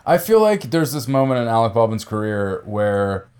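A man's voice: medium pitch, sing-song, moderate pace, darkish tone, clear, resonant tone. A man who is a guest on a movie podcast, talking thoughtfully and often restarting his sentences. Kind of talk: casual movie chat.

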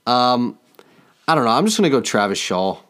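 A man's voice: medium pitch, sing-song, moderate pace, a bit bright. Easygoing man running the podcast talk. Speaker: podcast co-host. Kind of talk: casual sports podcast chat.

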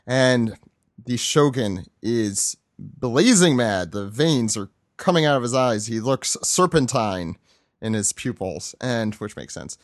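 Lively-pitched man recapping on a podcast. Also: takes it slowly, dry recording, clean studio sound. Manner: rambling, acts out quoted lines with voices. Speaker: podcast host. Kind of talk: casual chat recapping a comic chapter.

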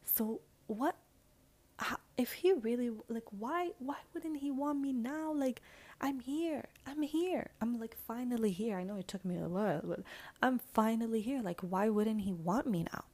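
A young woman vents about a dating letdown in a loose, confessional vlog. Her voice is mellow and warm, and she talks frankly and swears freely. She keeps saying "like" and now and then slips into a hushed aside. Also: on the high side, moderate pace. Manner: frank and animated, heavy use of "like", swears freely. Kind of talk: casual storytelling vlog.

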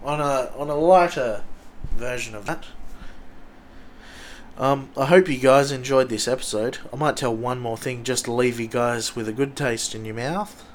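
A young man with an Australian accent hosting a podcast, telling rambling stories full of swearing and loudly acted-out quotes. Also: mid-range voice, moderate pace, slight background noise. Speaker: podcast host. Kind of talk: casual storytelling.

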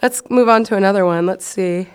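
A woman's voice: mid-range voice, fairly quick, clean tone. A young woman casually reading entries from her old teenage journal, joking and swearing at herself. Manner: self-mocking, laughing, swearing. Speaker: vlogger.

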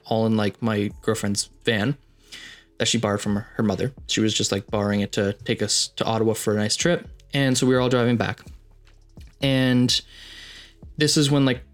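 A young man hosting a podcast, telling a story casually with rambling asides and lots of fillers. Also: mid-range voice. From Canada, Ontario. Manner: rambling, filler-heavy, animated retelling. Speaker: podcast host.

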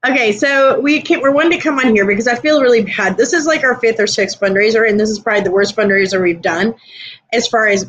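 A woman's voice: fairly high pitch, quick pace, fairly bright tone, dull audio. A woman co-hosting a live stream, chatting casually and rambling with lots of fillers. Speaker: podcast co-host.

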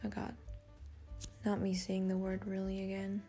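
A teenage girl with an Australian accent, rambling in a casual solo podcast, soft-spoken and self-deprecating, thinking aloud. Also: medium pitch, completely flat delivery, normal speed, vocal fry, pauses often, breathy edge, soft background music. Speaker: podcast host.

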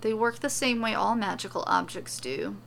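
A calm older man speaks in a measured, unhurried way, as a woman voices him. The voice carries some gravel. A faint hiss lies under the storybook recording. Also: medium pitch.

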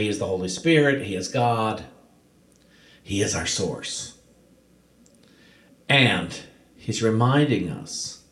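A male preacher retelling a parable in a sermon, with emphatic repetition. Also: on the low side. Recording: roomy echo.

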